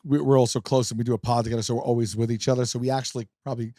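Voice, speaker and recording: A man's voice: mid-range voice, flat delivery, rapid-fire, warm tone, no echo, clean studio sound. A man with a light Staten Island accent, a comedian chatting as a podcast guest, loose and full of restarts. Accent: light Staten Island New York. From Staten Island, New York. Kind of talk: casual chat.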